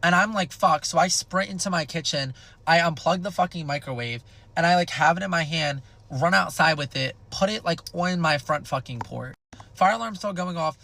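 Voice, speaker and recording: A young man with a somewhat high, gravelly voice and a bright, forceful edge spins a chaotic personal story. He swears freely and throws himself into the telling, animated and dramatic. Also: normal speed. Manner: animated, profane, dramatic retelling. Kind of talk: casual storytime.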